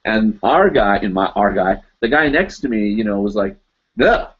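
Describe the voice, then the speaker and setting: Livestream host, male, somewhat low pitch, loose chatty anecdote delivery with constant fillers, dull recording. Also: expressive, moderate pace, slightly rough. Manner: rambling, loaded with "you know" and "like". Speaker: live chat show host. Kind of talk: casual storytelling.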